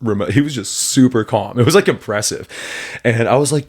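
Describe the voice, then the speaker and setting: A man who coaches fighters, co-hosting a podcast and telling a story with animated energy and frequent laughter. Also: mid-range voice, fairly quick, slightly rough. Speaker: MMA coach and podcast co-host. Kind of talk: casual podcast chat.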